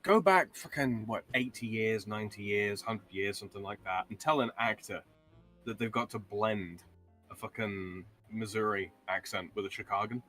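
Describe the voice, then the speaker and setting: A man's voice: on the low side, moderate pace, bright, forceful tone, soft background music. A man guesting on a podcast in casual chat, wry and profane, drifting into tangents.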